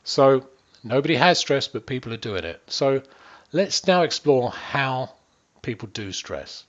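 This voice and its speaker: A man's voice: mid-range voice, animated, unhurried. Earnest male wellbeing coach, muffled recording. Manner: earnest, emphatic, repeats words for stress. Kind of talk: coaching talk to camera.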